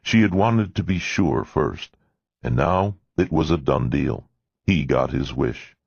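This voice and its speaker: Very deep gravelly male narrator. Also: lively intonation, slow pace, a little mellow, no room sound. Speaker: audiobook narrator. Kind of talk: scripted narration. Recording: dull lo-fi dry recording.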